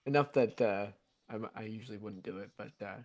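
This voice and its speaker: A guest on a stream, chatting in a relaxed way and laughing easily. The voice sits mid-range. It is recorded dry and close. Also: medium pitch, brisk, no room sound. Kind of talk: casual chat.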